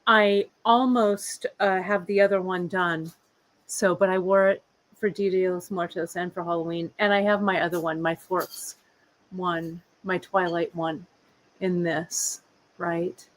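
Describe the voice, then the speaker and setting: A woman in her fifties hosts a live craft stream from her workbench. She talks slowly and unhurriedly, rambling warmly between asides to her viewers and her cat. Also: lowish voice, fairly even intonation, low-quality recording. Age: 50s. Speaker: host of a live beading show. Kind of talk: casual live-stream chat. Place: workshop bench, indoors.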